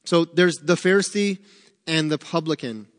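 A man preaches to a small group in a relaxed, conversational way, lively and joking between points. His voice sits a little high. Long reverb trails off the room around him. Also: moderate pace. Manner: animated, chatty, joking asides. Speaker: pastor teaching a Bible study. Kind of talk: conversational sermon.

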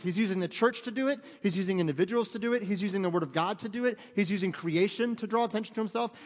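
A man's voice: high voice, quick pace, hardly any pauses. A man in his thirties preaching a conversational sermon, mixing jokes with fervent emphasis in a church. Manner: conversational, joking asides, rising to fervent emphasis. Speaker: pastor. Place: church sanctuary. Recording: long reverb of a church hall.

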